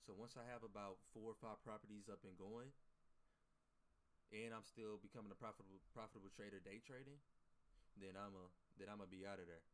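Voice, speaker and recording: A man's voice: fairly low pitch, fairly even intonation, fairly quick. A man day trader chatting casually to his livestream viewers, rambling and profane as he gives his chat a pep talk.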